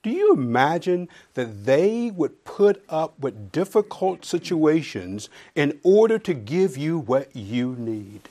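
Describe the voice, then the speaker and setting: A man's voice: fairly high pitch, sing-song, slow, few pauses. Man teaching the Bible with emphatic bursts. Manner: builds to loud emphasis when reading scripture; dry, sarcastic asides.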